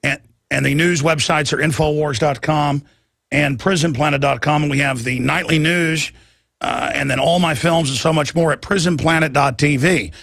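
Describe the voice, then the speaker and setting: Gravelly excitable talk radio host. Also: male voice, on the high side, moderate pace, no room sound, clean studio sound. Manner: excitable, stammering restarts.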